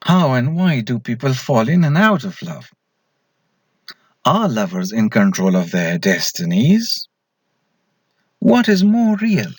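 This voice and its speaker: A man's voice: a little high, husky, no room sound. A man giving a recorded slide lecture as an English lecturer, posing questions to students and then answering them himself.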